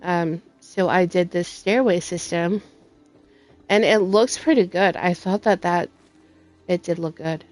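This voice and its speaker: A woman's voice: fairly low pitch, measured pace, a little mellow, soft background music. Woman, gaming host, rambling casual commentary full of fillers. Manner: rambling with frequent ums.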